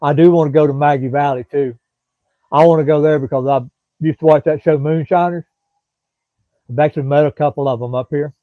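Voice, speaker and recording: A middle-aged man with a Southern drawl chats loosely with his live-stream viewers, wandering from thought to thought in a folksy way. His voice sits a touch high. The sound is dry and thin, like a phone line. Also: steady tone, brisk, pauses often, dry recording. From Florida. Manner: rambling, folksy, drawling, chats to commenters by name. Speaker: livestream host.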